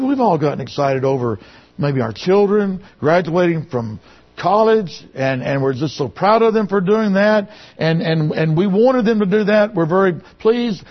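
A man preaching a sermon who reads scripture aloud, repeats phrases and presses his points with rhetorical questions. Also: high-pitched. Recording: dull lo-fi recording.

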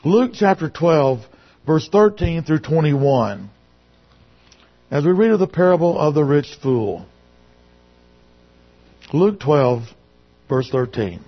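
A man's voice: on the high side, very animated, takes it slowly, pauses often. A man preaching a sermon who reads scripture aloud, repeats phrases and presses his points with rhetorical questions. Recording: dull lo-fi recording.

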